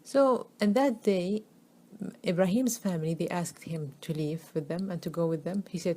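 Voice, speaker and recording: A woman's voice: lowish voice, moderate pace, warm tone. A woman telling a religious story in a conversational way, often checking in with "okay?" and repeating words for emphasis.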